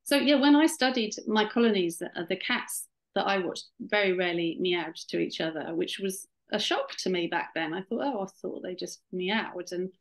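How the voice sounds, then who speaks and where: A middle-aged author who studies cat behaviour joins a webinar interview by video call, speaking at normal speed with a medium pitch and hardly any pauses. Her manner is warm and chatty, peppered with "you know" and frequent restarts, though the recording quality is low.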